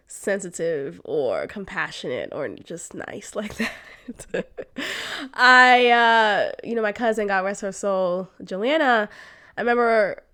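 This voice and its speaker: A young woman hosts a podcast and shares a personal story in a casual, candid way. She is expressive, laughs often and talks straight to her listeners as y'all. Her voice sits a little on the high side. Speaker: podcast host.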